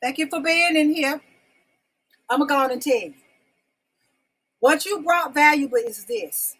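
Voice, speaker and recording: Her voice sits high and a bit bright, and she speaks a little slowly on poor audio. Hosting her own live stream, this woman chats casually and folksily, calling viewers y'all and babies while repeating questions to coax comments.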